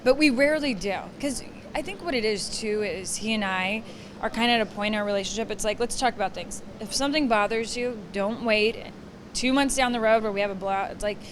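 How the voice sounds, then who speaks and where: A woman in her thirties chatting as an interview guest outdoors, telling stories and acting out quotes with lively energy. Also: on the high side, a little fast, noisy background. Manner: chatty, animated storyteller who acts out quotes. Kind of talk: casual chat.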